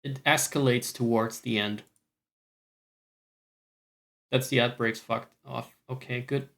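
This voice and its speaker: A man's voice: medium pitch, steady tone, takes it slowly, gravelly, fairly bright tone. A man with a Scottish accent chatting casually on a live stream, rambling, swearing freely and joking at his own expense. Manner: rambling, sweary, self-mocking.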